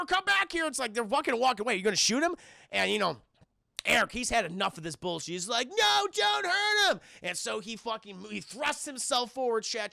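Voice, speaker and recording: A man casually retelling a film plot to his stream chat, profane and animated, acting out characters in squeaky voices. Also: creaky, no echo, clean studio sound.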